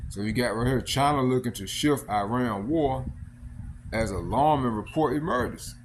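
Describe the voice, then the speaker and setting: A man's voice: medium pitch, normal speed, slight background noise. A man giving an informal scripture teaching in a loose, rambling way, full of fillers and asides like "man" and "all right?".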